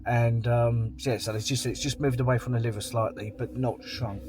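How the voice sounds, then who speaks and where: A man's voice: mid-range voice, fairly even intonation, moderate pace, background noise. A man, talking to camera in a rambling, blunt, plain-spoken vlog monologue. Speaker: vlogger.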